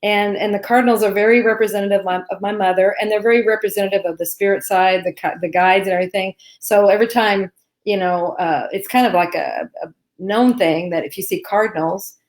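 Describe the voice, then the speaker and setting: A woman's voice: medium pitch, a little fast. Chatty woman from Arkansas. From Arkansas, USA. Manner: warm, reassuring, laughs often. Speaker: co-host. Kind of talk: live Q&A chat. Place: home.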